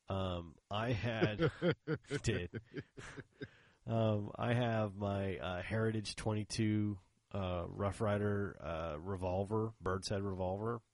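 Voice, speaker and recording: A man's voice: sits low, dry recording. A man in casual chat who tells long rambling stories, acts out the other people's lines and laughs often.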